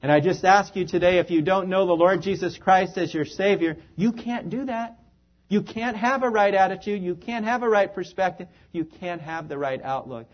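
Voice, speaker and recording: A man preaching a sermon with a high, light voice. He speaks earnestly and with emphasis, and his phrases trail off softly at the ends. The sound is a little dull and lo-fi. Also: moderate pace.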